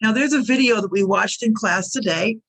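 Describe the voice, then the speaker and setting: Woman, ESL teacher, careful repeated drill phrases, clear teaching narration. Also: medium pitch, a little fast, a bit bright. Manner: careful, repeats example sentences for learners.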